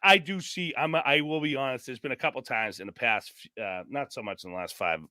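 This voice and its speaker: A man talking as a podcast guest in a casual chat, rambling and animated, stumbling over restarts and piling up "you know"s. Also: mid-range voice, brisk, dry recording, studio quality. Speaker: podcast guest, former reality show contestant.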